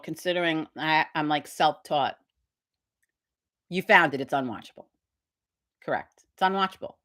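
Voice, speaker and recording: A woman's voice: deep voice, normal speed, long pauses, fairly bright tone. A middle-aged woman hosting a casual live stream, rambling and swearing as she tells a story with quoted voices. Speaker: host of a live witch community stream. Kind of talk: casual livestream chat.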